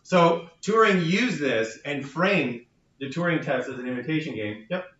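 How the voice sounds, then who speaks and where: A man's voice: on the high side, lively intonation, moderate pace, a bit bright. Man lecturing in an echoey classroom. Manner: explanatory, frequent "right?" tag questions. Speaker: university instructor. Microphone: room recording from a distance. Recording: echoey classroom from far off, dull.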